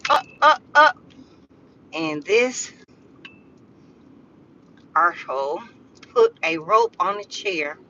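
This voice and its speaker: An older woman talks slowly and unhurriedly to her livestream viewers, drawing out her words. Her voice is bright and a little sharp. It comes through a phone with slightly dull, muffled audio. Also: low-pitched, slight background noise. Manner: slow, drawling, talks straight to her viewers. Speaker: live streamer. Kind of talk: casual livestream chat.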